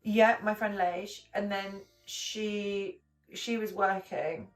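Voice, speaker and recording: A woman co-hosting a podcast rambles through stories in casual chat, swearing a lot and restarting sentences, her mid-range voice flat and slow. The mic is distant in an echoey room, with faint music in the background.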